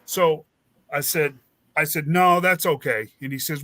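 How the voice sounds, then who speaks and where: A man tells a long, rambling story in a casual chat and slips into the voices of the people in it. His voice sits a little high and sounds bright and forceful. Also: measured pace, dry recording. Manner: rambling, animated, acts out quoted dialogue. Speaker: host.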